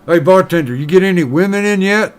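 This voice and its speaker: A man voicing a crude, frustrated male miner in a told joke, speaking loudly and exasperated. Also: sits high, brisk, clean tone, voice pushed up, lightly acted.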